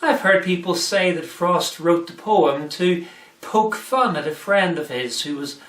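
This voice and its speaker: Man, comic church video host, bright voice, recorded off mic in an echoey room. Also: high voice, a little slow, distant mic. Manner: plays both joke-teller and weary skeptic. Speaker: church presenter.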